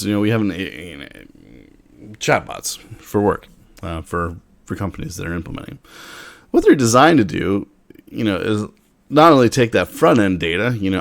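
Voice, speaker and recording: A man with a deep, low voice talks through a technology topic in a relaxed, conversational way. He trails off, restarts his sentences and drops in wry asides as he goes. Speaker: tech speaker. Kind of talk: casual explanatory talk.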